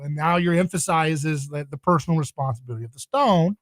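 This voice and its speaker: A man's voice: a little high, quick pace, few pauses, no room sound. A man speaking as a podcast guest in a passionate, emphatic, preaching tone. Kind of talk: podcast interview.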